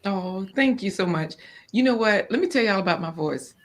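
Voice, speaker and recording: A woman co-hosting a casual live-stream chat about gardening and food, informal and quick to laugh. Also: mid-range voice, expressive. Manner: chatty and informal, laughs often. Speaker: co-host of a homestead live chat. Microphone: off-camera, voice only.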